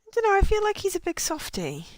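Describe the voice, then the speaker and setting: A woman's voice: extremely high pitch, wildly swooping pitch, fast, no room sound. A woman streaming a game, chatting in a casual, self-deprecating way. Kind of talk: live game stream commentary. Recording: game music behind voice.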